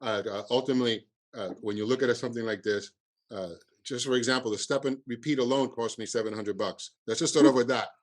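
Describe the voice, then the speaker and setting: A festival producer with a Cuban accent speaks haltingly in a podcast interview, full of restarts and fillers. His voice is mid-range.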